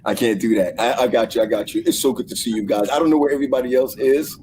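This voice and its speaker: A man's voice: mid-range voice, fast, crowd noise, low-quality recording. A man hosting a casual livestream chat over a video call, talking in a chatty way with stammering restarts and laughs. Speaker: host.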